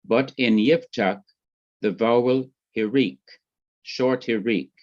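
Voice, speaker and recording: A man with a Jamaican accent teaching Hebrew grammar in a classroom lecture, speaking slowly and deliberately and repeating his points. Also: mid-range voice, darkish tone. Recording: muffled lo-fi classroom recording.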